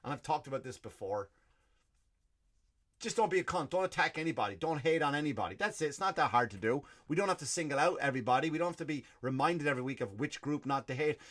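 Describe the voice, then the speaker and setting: A man's voice: on the high side, expressive, fast, fairly bright tone. An Irish man hosting a comedy podcast, ranting in a loose stand-up style, swearing freely and answering his own questions. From Ireland. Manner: profane, ranting, self-answering asides.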